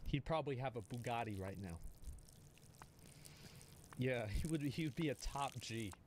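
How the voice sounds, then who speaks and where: A man's voice: mid-range voice, lively intonation, moderate pace, a little mellow, slight background noise. A man streaming live, reacting to a video with sarcastic, rambling commentary full of restarts.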